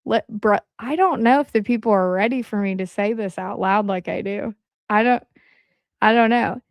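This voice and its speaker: A woman hosting a casual livestream, rambling along in a chatty way and filling her pauses with "um.". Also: medium pitch, dry recording, studio quality. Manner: rambling, with frequent "um" fillers. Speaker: livestream host. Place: at home.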